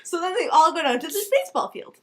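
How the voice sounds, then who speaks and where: A young woman spins a silly improvised story, rambling and giggling, full of fillers and restarts. Her voice is high and swoops all over the place. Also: sing-song, fast, shouting.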